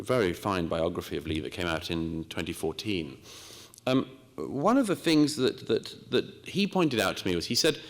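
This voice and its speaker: A man from Britain giving a measured, storytelling lecture with quoted asides. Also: on the low side, long reverb tail. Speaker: speaker. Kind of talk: lecture talk.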